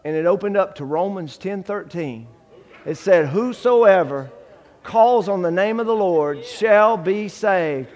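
High-voiced preacher in a reverberant hall. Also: male voice, unhurried. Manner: storytelling, acting out dialogue, swings from hushed to shouting. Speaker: guest preacher giving testimony. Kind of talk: testimony sermon.

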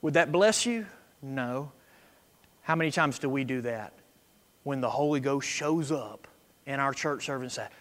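A man preaching a sermon, swinging from quiet asides to loud, emphatic scripture reading. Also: mid-range voice, big pitch swings, moderate pace, pauses often. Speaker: pastor. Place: church sanctuary. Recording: echo with long reverb in a church.

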